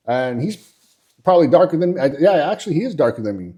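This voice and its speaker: A man's voice: on the high side, sing-song, a little fast, warm tone. A man, hosting and telling workplace stories in a blunt, profane, casual monologue full of fillers. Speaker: podcast host.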